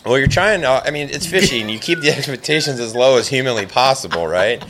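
A man telling a long fishing story in casual chat, rambling and animated, with lots of "like" fillers. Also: medium pitch, a little fast, a little hiss or hum. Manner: rambling, animated, heavy use of "like".

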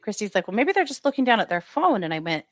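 A woman co-hosting a true crime podcast, retelling a trip in easy casual chat. She slips into the voices of the people she quotes. Her pitch sits in the middle, and the sound is dry and close. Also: fast, no echo. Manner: lively retelling with acted-out quotes.

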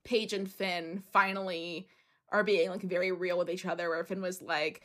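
A woman's voice: fairly low pitch, flat delivery, normal speed, fairly bright tone. A young woman co-hosting a podcast, chatting in a casual, upbeat way with lots of fillers. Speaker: podcast co-host. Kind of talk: casual chat.

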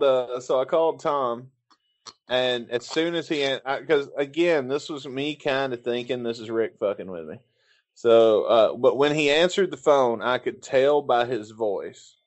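A man's voice: medium pitch, a little slow. A man hosts a podcast, spinning a long, loose story in casual chat. He swears freely and keeps stopping to restart his sentences. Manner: profane, rambling storyteller. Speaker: podcast host.

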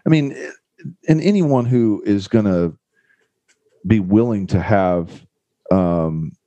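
A man on a podcast, talking earnestly, stopping and restarting as he goes. His voice is low and mellow. The recording sounds a little dull and lo-fi. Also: lively intonation, dry recording. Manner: halting, earnest, many restarts. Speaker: podcast co-host. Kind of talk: casual podcast discussion.

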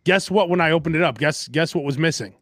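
A man hosting a casual food podcast, chatty and animated, getting loud when he rants. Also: a little high, fast, dry recording, studio quality. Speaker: podcast host. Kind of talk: casual chat.

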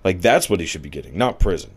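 A man with a deep, low-pitched voice rants in a crude, sarcastic way, swearing often. He fills his sentences with "like" and "I mean" as he piles up mocking complaints. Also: sing-song, fast talker, breathy edge. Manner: crude, sarcastic, heavy use of filler "like". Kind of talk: profane comedic rant.

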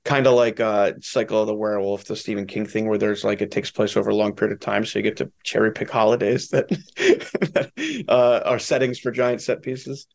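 Fast-talking gravelly male filmmaker. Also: on the low side, little pitch movement. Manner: rambling, profane, lots of fillers. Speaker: film director and writer. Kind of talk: casual interview talk.

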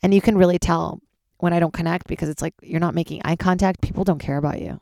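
A woman's voice: on the low side, fairly even intonation, fast, gravelly, a little mellow, no room sound, studio quality. A woman stand-up comedian, tired, chatting candidly and swearing freely in a solo podcast recorded in a closet. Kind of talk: casual solo podcast chat.

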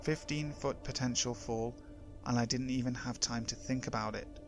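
Guy reading creepy urban exploring stories, steady and hushed, faint music behind. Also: mid-range voice, normal speed, vocal fry. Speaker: horror story narrator. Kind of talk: scripted horror narration.

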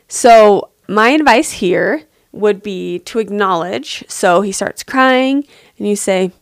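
A woman on a podcast answering a listener's parenting question in a gentle, empathetic way, pausing to think aloud as she talks. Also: mid-range voice, animated, dry recording, studio quality.

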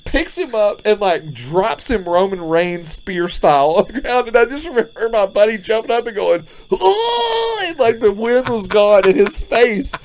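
A man's voice: high-pitched, expressive, moderate pace, hardly any pauses. A man, a podcast co-host telling a story in casual chat, laughing often. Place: front porch, outdoors.

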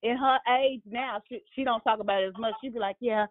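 A woman in casual group chat, telling lively family stories and acting out the voices of relatives. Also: on the high side, moderate pace, no echo. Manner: animated storyteller, acts out family members' voices. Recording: tinny phone-like line.

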